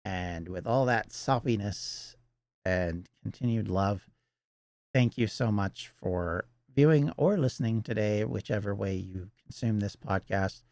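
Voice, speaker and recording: A man's voice: lowish voice, unhurried, darkish tone, no echo. A middle-aged Canadian man hosting a podcast, talking earnestly in a rambling solo monologue full of restarts. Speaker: podcast host.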